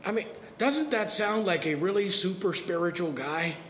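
High, bright-voiced preaching man. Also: expressive, moderate pace, reverberant, a little hiss or hum. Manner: preaching with dramatic shifts, acting out voices. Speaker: pastor. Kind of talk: sermon. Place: church sanctuary.

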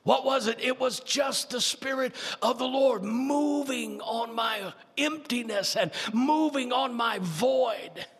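A man preaching his testimony in a fervent sermon style, building to shouts. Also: extremely high pitch, slow, hardly any pauses, husky, big-room sound. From Idaho, United States.

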